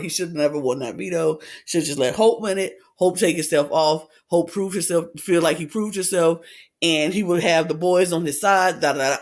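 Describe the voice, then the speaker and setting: A man co-hosting a podcast, chatting casually as he recaps a reality show and acts out quotes in lively voices. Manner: animated retelling, acts out quotes with big pitch swings. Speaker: podcast co-host.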